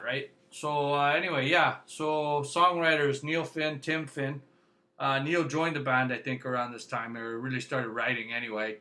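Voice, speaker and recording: A man's voice: medium pitch, bright, forceful tone. A man casually reviewing a vinyl record, rambling and joking, tagging his lines with "eh". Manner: rambling, jokey, tags lines with "eh".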